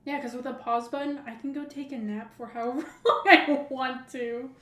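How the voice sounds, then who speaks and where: High-voiced woman rambling in casual chat. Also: steady tone, normal speed, fairly bright tone, echoey room. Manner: rambling, heavy use of "like". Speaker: podcast co-host.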